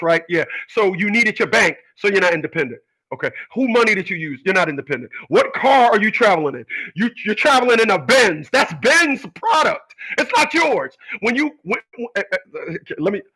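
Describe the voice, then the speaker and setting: A man's voice: high voice, bright, forceful tone, breathy edge, low-quality recording. A man hosting his own channel, talking in a rambling, preachy and confrontational monologue full of restarts. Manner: rambling, repeats and restarts, argues with imagined people. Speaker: channel host giving opinions. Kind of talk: casual monologue.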